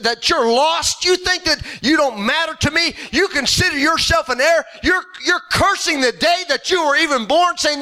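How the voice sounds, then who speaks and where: A high, ringing male voice plays God, plain-spoken and fatherly, as a man puts him on in a sermon. He presses hard with question after question and does not soften. The tone is bright and forceful. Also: exaggerated voice. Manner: blunt, challenging questions.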